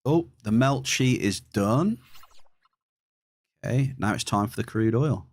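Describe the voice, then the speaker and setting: A man's voice: medium pitch, lively intonation, slow pace, darkish tone, no echo. Dry-humored man streaming a game. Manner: dry teasing, banters with chat. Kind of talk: casual live-stream chat with viewers.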